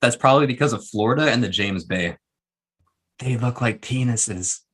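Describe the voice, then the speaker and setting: A man's voice: medium pitch, moderate pace, a bit bright, breathy edge. A man from Canada, a truck driver, joking and laughing in a casual livestream chat. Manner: joking, laughs often, tries impressions.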